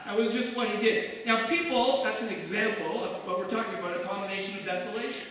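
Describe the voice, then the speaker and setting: A pastor from Canada speaks fast in a high-pitched, somewhat bright voice while preaching in a church sanctuary. He addresses the congregation conversationally, with frequent rhetorical asides. The sound comes from far off in an echoey hall, with a little hiss or hum.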